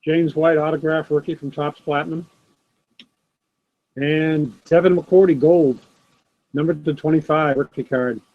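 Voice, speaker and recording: A middle-aged man with a voice on the high side chats casually on a live sports card stream from his desk at home, greeting viewers by name. His tone stays steady and unhurried with frequent pauses, and the laptop's built-in camera mic gives dull, dry audio.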